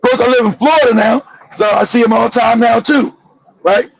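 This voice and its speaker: Stream host, man from Los Angeles, very high gravelly voice, profane blunt delivery, slightly dull lo-fi audio. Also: brisk. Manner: profane, blunt storytelling with laughs. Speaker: channel host. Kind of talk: live-stream monologue.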